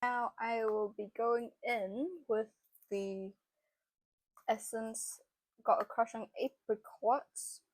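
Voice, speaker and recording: A woman's voice: a little high, steady tone, slow pace, no room sound. A young woman narrating a makeup tutorial in a chatty, casual way, with lots of fillers. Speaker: beauty vlogger.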